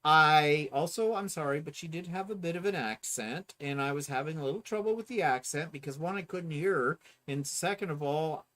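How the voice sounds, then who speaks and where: A man's voice: on the high side, fairly quick, hardly any pauses, fairly bright tone. A man co-hosting a casual chat, animatedly telling a story and mimicking other people. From Ontario, Canada. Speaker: co-host.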